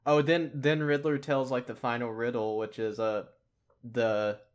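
A man's voice: mid-range voice, flat delivery, unhurried, smooth. A man co-hosting a casual podcast chat, laughing often, restarting his sentences and acting out quotes. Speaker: podcast co-host.

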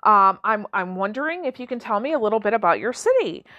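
A woman's voice: medium pitch, sing-song, fast talker, dry recording, lo-fi sound. A woman voicing a cheerful, enthusiastic man who is moving to a new city, in a podcast parable. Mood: eager. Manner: enthusiastic, warm. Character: cheerful eager man seeking new partners.

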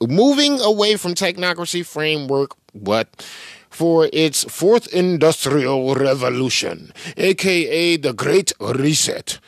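A man's voice: fairly high pitch, a bit bright, dry recording, studio quality. A man hosting a podcast, ranting in crude street slang and mocking the clips he plays. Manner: angry, crude, street slang, repeats clip words back mockingly. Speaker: podcast host. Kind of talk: profane commentary rant over played clips.

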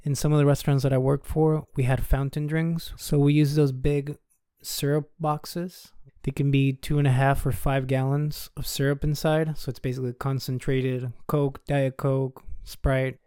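A man hosts a podcast solo and tells a work story in a loose, chatty way. He chuckles through the asides. His voice is mellow and smooth, recorded dry and close. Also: mid-range voice, flat delivery, normal speed, dry recording. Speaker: podcast host. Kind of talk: casual storytelling monologue.

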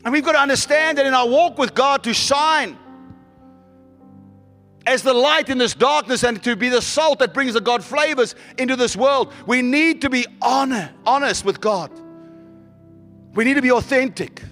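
A man's voice: very high-pitched, moderate pace, a bit bright, big-room sound, soft background music. A man preaching a sermon as pastor, building to fervent callouts to the congregation.

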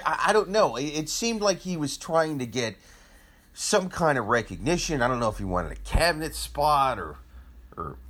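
A man who works as a comic, talking politics in a casual chat and jumping up and down in pitch as he gets worked up. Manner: animated, shifts pitch a lot. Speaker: comedian, podcast co-host.

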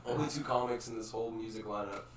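Male comic, low pitch, rambling storyteller, roomy and slightly distant. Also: quick pace, slight background noise. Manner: laid-back, rambling, chuckles through stories. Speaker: stand-up comedian and podcast co-host. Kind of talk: casual storytelling chat. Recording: echoey room, mic at a distance.

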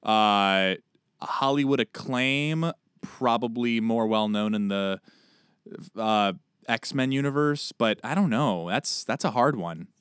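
A man co-hosting a podcast in casual chat, animated and joking, with quick asides. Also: medium pitch, smooth, no room sound, studio quality. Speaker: podcast co-host.

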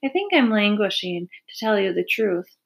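A woman voicing a wise, aging female spider who speaks softly and sadly. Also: mid-range voice, very animated, normal speed, vocal fry. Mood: weary, tender.

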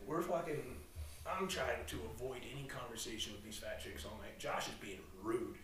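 A young man telling a crude, animated story in a casual podcast chat, swearing constantly. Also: mid-range voice, normal speed, a little hiss or hum. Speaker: podcast co-host. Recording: roomy echo, distant from mic.

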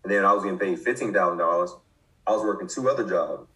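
A man in his twenties with a fairly low voice talks in a loose, conversational way. He stops and restarts often, padding his thoughts with fillers as he answers questions. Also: bright, forceful tone, low-quality recording. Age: 20s. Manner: halting, many restarts and fillers. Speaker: football coach, interview guest. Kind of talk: casual conversation.

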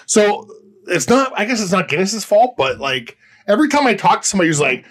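A man's voice: high-pitched, big pitch swings, a little fast. A man co-hosting a casual drinking podcast, telling boisterous stories and swearing freely. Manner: loud, profane, boisterous storytelling. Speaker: podcast co-host.

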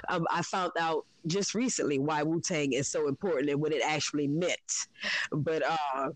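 A woman's voice: low-pitched, steady tone, moderate pace, dry recording, rough recording. A woman candidly telling her spiritual story in a frank, profane, reflective way, with many fillers.

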